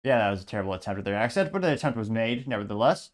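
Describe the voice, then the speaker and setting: A man's voice: on the low side, animated, racing. A man hosting a commentary show, reading viewer comments aloud with a sarcastic edge.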